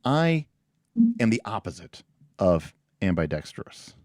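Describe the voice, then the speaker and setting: A man's voice: lowish voice, big pitch swings, slow, a little mellow, no echo, studio quality. A man hosting a livestream in casual, rambling chat with a self-deprecating, jokey manner. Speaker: livestream host.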